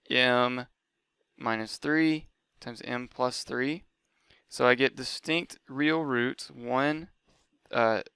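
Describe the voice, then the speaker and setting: A man with a bright, crisp and very clear voice, explaining a lesson step by step. He talks in a patient, methodical way, recorded close and dry with no room sound. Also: medium pitch, no echo. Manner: methodical, talks through each step aloud. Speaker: math teacher. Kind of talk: lecture.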